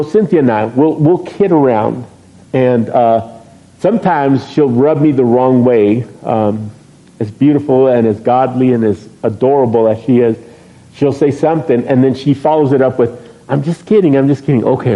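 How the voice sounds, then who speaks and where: A man's voice: medium pitch, normal speed, warm tone. A middle-aged male pastor preaching a sermon from a church pulpit, joking with the congregation and asking them questions. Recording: dull lo-fi sermon recording.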